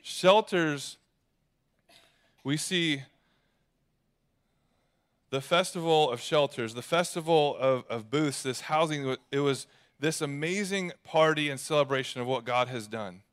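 A man's voice: fairly high pitch, measured pace, long pauses, fairly bright tone, clean tone. A young man preaching a sermon in a conversational, joking manner. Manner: conversational, jokey preaching with acted asides. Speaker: pastor.

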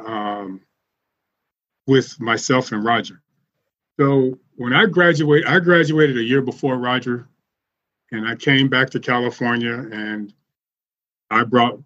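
A man telling animated stories as a podcast guest, laughing often as he goes. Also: mid-range voice, highs cut off. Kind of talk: casual storytelling.

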